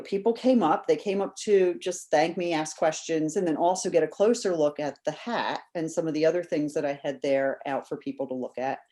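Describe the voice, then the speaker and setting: A woman guest on a podcast, telling a story in a casual, animated way and acting out the voices of people she quotes. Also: sits low.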